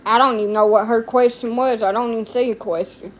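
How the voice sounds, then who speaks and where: A brash, crude-mouthed middle-aged woman with a high voice, chatting loosely on a live stream. She rambles from one thing to the next, quick to curse. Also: fairly even intonation, slight background noise. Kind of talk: casual live-stream chat.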